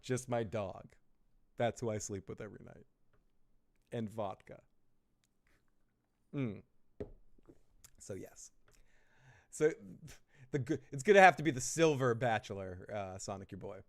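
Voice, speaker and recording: A man's voice: lowish voice, expressive, a little slow, pauses often. A man hosting a live recap stream, chatting casually in a loose, joking, profane way.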